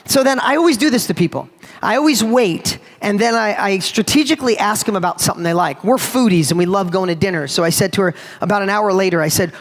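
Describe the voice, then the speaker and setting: Man, lighter high-pitched voice, punchy live stage speaker working the crowd. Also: fast talker. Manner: energetic, emphatic, addresses crowd directly. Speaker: motivational speaker. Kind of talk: live stage talk to an audience. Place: large event hall before a live audience.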